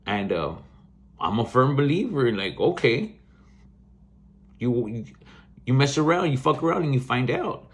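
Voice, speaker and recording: This podcast host's mid-range voice is sing-song and measured, with long pauses. A South Texan in his forties, he delivers a casual monologue of family stories, rambling and blunt, swearing freely and laughing partway through.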